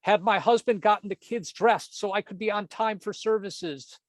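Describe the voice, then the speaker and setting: A man voicing a nagging cartoon wife who chants her complaints in a sing-song, climbing high on each refrain. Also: normal speed, dry recording, clean studio sound, natural voice. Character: nagging wife reciting a customized Seder verse.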